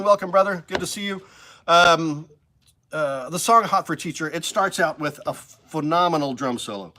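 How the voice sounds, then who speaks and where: A man's voice: on the high side, a bit bright. Enthusiastic chatty man hosting a live stream. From Missouri Ozarks. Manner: enthusiastic, emotional, chatty with viewers. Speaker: livestream host. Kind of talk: casual live-stream chat. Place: indoors with a shelf.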